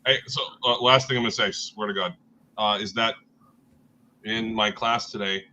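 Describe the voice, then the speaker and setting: A man's voice: on the low side, fairly even intonation, moderate pace, bright, forceful tone, slight background noise. A man who teaches a trade, chatting casually as a guest and telling rambling jokes. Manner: rambling, laughing, tells jokes. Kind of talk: casual chat.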